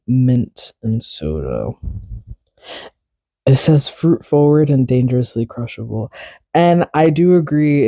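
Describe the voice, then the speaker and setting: A man's voice: mid-range voice, mellow, no room sound. A young man hosting a podcast alone, in a casual, rambling, chatty way that often corrects itself mid-sentence. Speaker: podcast host. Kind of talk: casual solo podcast chat.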